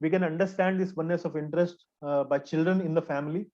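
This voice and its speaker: A man teaching a scripture class in an earnest, repetitive way, pausing often with hesitant fillers. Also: on the high side, fairly even intonation, a little mellow. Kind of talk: explanatory spiritual lecture. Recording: dull lo-fi recording.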